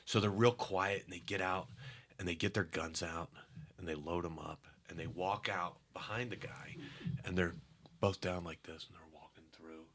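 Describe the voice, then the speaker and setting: A man's voice: low-pitched, normal speed. A middle-aged man, a comedian, telling stories in a casual interview and acting out the people in them. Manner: animated storyteller who acts out quotes. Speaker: comedian guest.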